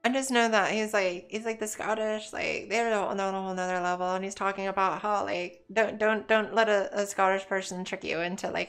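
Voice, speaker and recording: A woman's voice: medium pitch, steady tone, fairly quick, hardly any pauses, fairly bright tone, clean tone, faint music behind. A woman chatting casually while she streams a game, rambling and joking as she plays. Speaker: let's play streamer. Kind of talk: casual chat while gaming.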